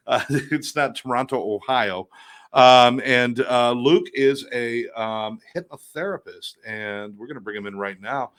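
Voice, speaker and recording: A man's voice: mid-range voice, unhurried, fairly bright tone. A man co-hosting a podcast, introducing the show and guest in a chatty way with many fillers. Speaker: podcast co-host.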